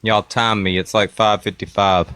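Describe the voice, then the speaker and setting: A man with a somewhat low voice chats casually. His delivery is offhand and laid-back. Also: level tone, normal speed, pushed and bright, smooth, dry recording. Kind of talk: casual chat.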